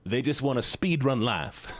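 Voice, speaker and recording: A man's voice: lively intonation, unhurried, dry recording. A man livestreaming, chatting casually and playfully with his viewers, often joking at his own expense. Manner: playful, self-mocking, with sudden jumps in pitch. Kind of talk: casual chat to stream viewers.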